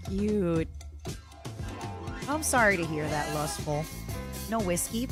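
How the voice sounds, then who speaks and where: A woman streamer chatting casually and reacting to clips, excitable and playful, squealing over cute things. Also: lowish voice, takes it slowly, pauses often, music in the background.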